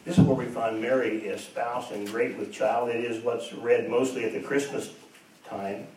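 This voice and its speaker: A man's voice: medium pitch, fairly even intonation, normal speed, a little mellow. A man preaching a sermon as pastor, earnest and emphatic, asking his congregation rhetorical questions and repeating his points. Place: church. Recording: echoey church, distant mic, faint noise.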